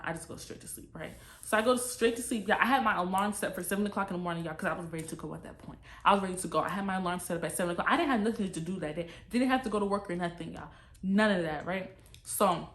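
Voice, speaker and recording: A woman telling a storytime to camera in a casual, animated, slangy way, talking straight to her viewers. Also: mid-range voice. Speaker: storytime vlogger. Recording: echoey room.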